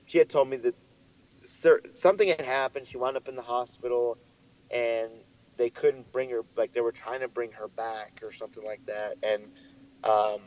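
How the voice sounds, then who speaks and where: A young man co-hosting a podcast, telling a story in a lively way and swearing often, his voice jumping up when he gets worked up. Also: mid-range voice, rough recording. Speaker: podcast co-host. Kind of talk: casual chat.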